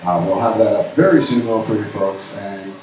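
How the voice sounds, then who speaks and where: A man's voice: fairly low pitch, darkish tone, far from the mic. A man co-hosts a casual live stream from a pub, rambling between plugs and jokes. He sits a little back from the mic. The room is strongly echoey, with faint noise behind him. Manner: joking, rambling, quick asides. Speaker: podcast co-host.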